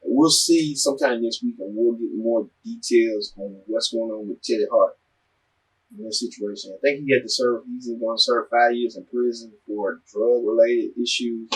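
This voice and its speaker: A man hosts a news show with a husky, slightly breathy voice. He rambles loosely through the items, leaning on ums and restarts. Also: medium pitch, fairly even intonation, moderate pace, rough recording. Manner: loose, rambling, filler-heavy. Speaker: show host. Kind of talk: news-style commentary.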